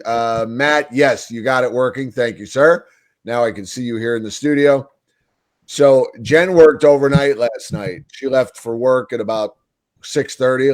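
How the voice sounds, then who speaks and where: A hoarse man with a New York accent co-hosting a casual fan podcast, telling stories in an animated way. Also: mid-range voice. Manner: animated storyteller, hoarse from yelling. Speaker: podcast co-host. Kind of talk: casual hockey fan chat.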